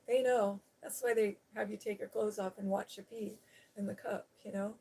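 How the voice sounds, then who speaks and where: A woman's voice: mid-range voice, steady tone, moderate pace, creaky, darkish tone, breathy edge. A woman hosting a live stream, telling a personal story in a frank, rambling casual chat full of "you know" and the odd laugh. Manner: laughs while talking.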